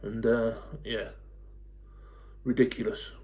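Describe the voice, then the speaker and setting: A man in his forties, talking to camera in a blunt, fed-up rant, swearing freely and pausing on lots of ums. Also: medium pitch, little pitch movement, darkish tone. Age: 40s. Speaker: football fan YouTuber.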